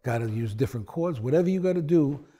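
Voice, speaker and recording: A man, a bassist, telling stories in a sit-down conversation, acting out quotes with big swings in his voice. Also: fast. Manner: animated storyteller, acts out quotes with big pitch swings.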